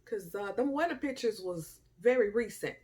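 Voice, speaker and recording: A young woman telling a personal story to camera in a casual, animated way, with loud outbursts, quiet murmurs and slangy asides. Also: mid-range voice, moderate pace. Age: young adult. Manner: informal Southern-style slang and asides. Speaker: storytime vlogger.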